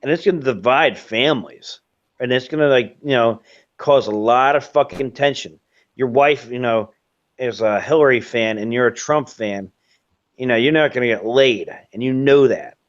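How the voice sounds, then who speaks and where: A man's voice: mid-range voice, normal speed, muffled recording. A man ranting in casual commentary as host of his own show, profane and rambling with lots of fillers. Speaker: host of a webcast.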